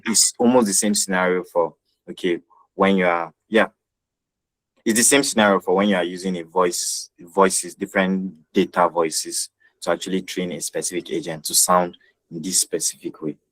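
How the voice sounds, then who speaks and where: Low-voiced man presenting an online tech workshop, earnest, repeats himself for clarity. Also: steady tone, moderate pace, dry recording, low-quality recording. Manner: earnest, repeats phrases and checks with listeners. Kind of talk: explaining software in an online workshop. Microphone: video call.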